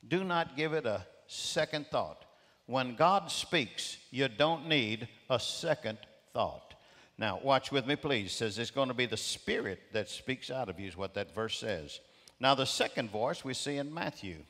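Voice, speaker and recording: A man's voice: medium pitch, lively intonation, moderate pace, a bit bright. A man preaching a sermon as a guest speaker, emphatic and repeating key phrases for weight. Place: large church auditorium. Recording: long reverb of a large hall.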